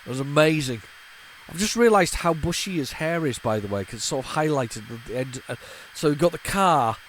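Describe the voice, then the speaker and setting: A man's voice: fairly high pitch, expressive, a little fast, a little hiss or hum, poor audio. A man in his forties, hosting a retro gaming channel, rambling and nostalgic, with frequent stammering restarts and repeated words. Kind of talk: casual off-the-cuff commentary while loading a tape.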